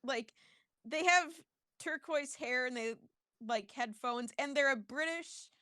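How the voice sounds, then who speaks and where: Young woman co-player, high crisp voice, dry close mic, wry quips. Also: sharp tone, dry recording. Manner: wry, quick interjections, laughing. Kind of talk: casual game chat. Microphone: online call microphone.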